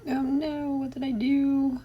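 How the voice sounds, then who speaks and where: A woman's voice: sits high, flat delivery, unhurried, lo-fi sound. A middle-aged woman hosting a casual craft live stream, greeting viewers by name and laughing often between remarks.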